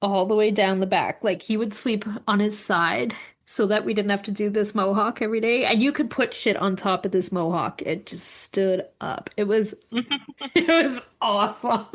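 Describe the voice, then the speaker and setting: A woman's voice: medium pitch, normal speed. A woman co-hosting a podcast, telling a story in casual chat, laughing often and swearing freely. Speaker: podcast co-host.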